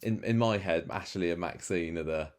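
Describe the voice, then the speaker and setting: A man co-hosting a podcast in casual chat, animated and jumping up in pitch when something excites him. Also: moderate pace. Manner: chatty, jumps up in pitch when enthused. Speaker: podcast co-host.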